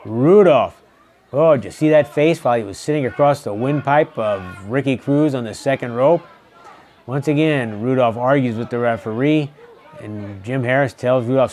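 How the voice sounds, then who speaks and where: A man's voice: mid-range voice, normal speed, darkish tone, a faint crowd. A man hosting a wrestling show and calling the match play-by-play in a folksy, chatty way, reminiscing between calls.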